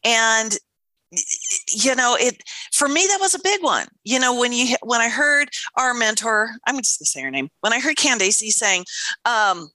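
A woman's voice: a little high, big pitch swings, moderate pace, pushed and bright, dry recording. A middle-aged woman co-hosting a podcast in casual chat, telling stories animatedly, acting out quotes and swearing casually. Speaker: podcast co-host.

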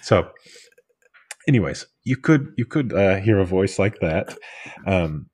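Very deep, husky-voiced man. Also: lively intonation, slow pace, a little mellow, dry recording. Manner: rambling storyteller, many fillers. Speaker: podcast co-host. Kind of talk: casual faith discussion.

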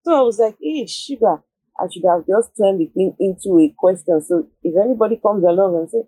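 Insistent chatty woman, mellow husky tone, close and dry. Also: mid-range voice, animated, fairly quick, no room sound, poor audio. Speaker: participant. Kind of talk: casual group discussion. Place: online audio room.

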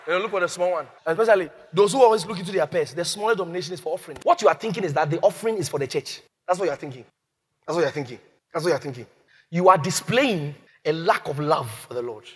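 A man preaching a sermon, animated, shouting and acting out scenes. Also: on the high side, fast talker, slightly rough, in a large hall. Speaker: pastor. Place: church.

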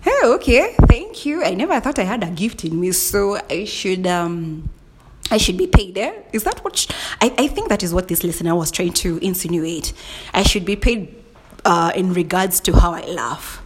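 A woman's voice: on the low side, sing-song, moderate pace, noisy background. A woman hosting a solo podcast, chatting casually and playfully, often breaking into laughter and mock indignation. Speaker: podcast host.

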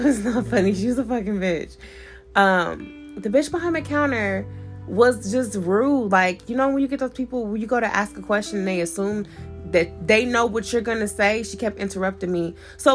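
A woman's voice: medium pitch, fairly bright tone. A woman telling stories in a casual, profane chat, blunt and full of fillers. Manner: blunt, profane storytelling with frequent "like".

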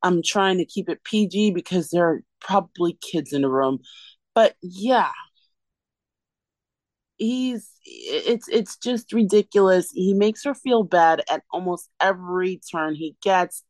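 A woman's voice: on the low side, expressive, a little slow, darkish tone, dry recording. A woman co-hosting a podcast, ranting sarcastically and emphatically in a casual recap chat. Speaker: podcast co-host.

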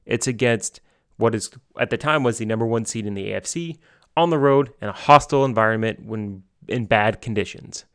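A young man giving solo sports commentary from home, excitable and gushing, often repeating and restarting himself. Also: lowish voice, fairly quick, smooth, dry recording, clean studio sound. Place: home basement.

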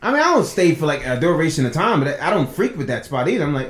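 Male co-host, raised pitch, swings up and down a lot, curses freely while laughing through his stories, roomy echo. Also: big pitch swings, fast, a bit bright. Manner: profane, laughing anecdotes. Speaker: podcast co-host. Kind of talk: casual chat.

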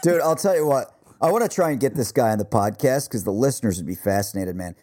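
A man with a mid-range voice and quick pace co-hosts a podcast, casually telling stories packed with swearing and slang. He comes across as a profane, animated storyteller in relaxed chat.

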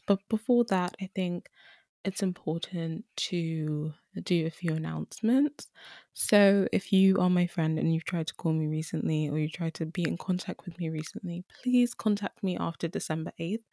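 A woman's voice: fairly low pitch, dark tone, no room sound, clean studio sound. A young woman hosting her own podcast, chatting casually and poking fun at herself with frequent laughs. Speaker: podcast host. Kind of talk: casual solo podcast chat.

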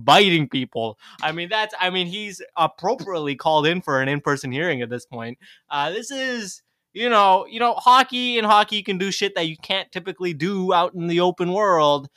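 A man's voice: sits high, normal speed, pushed and bright, dry recording, clean studio sound. A man co-hosting a casual podcast, blunt and profane, laughing often. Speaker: podcast co-host.

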